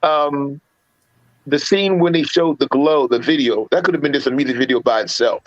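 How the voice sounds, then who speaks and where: A fairly high-pitched man speaks at normal speed in a dry, muffled recording. On a casual film livestream, this reviewing panelist tells animated stories with plenty of restarts, performing quotes from scenes.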